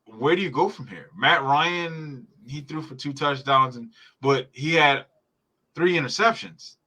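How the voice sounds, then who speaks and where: Bright-voiced man ranting about football. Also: a little high, measured pace. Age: adult parent. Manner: profane, heated sports rant. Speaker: podcast host. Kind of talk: live football reaction chat.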